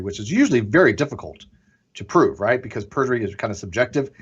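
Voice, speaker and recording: A man's voice: medium pitch, husky. A man as a podcast guest, explaining his side in an emphatic, argumentative way during a casual discussion. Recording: dull lo-fi audio.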